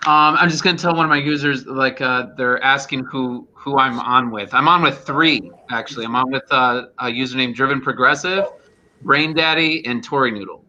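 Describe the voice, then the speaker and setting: Young man, very bright and sharp voice, loose filler-heavy chat, video call mic. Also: mid-range voice, normal speed, lo-fi sound. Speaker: student content creator. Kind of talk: casual livestream panel chat.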